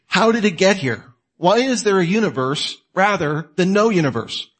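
Male teacher, slightly high voice, conversational lecture, animated, talks straight to the listener with questions he answers himself. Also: moderate pace. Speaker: apologetics teacher.

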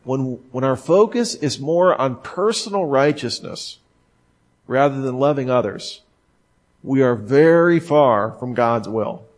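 Guy preaching casual style, normal pitch, talks loose then punches certain words, restarts a lot. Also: animated, takes it slowly. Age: adult, former smoker. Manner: conversational, emphatic, with frequent restarts. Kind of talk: informal sermon.

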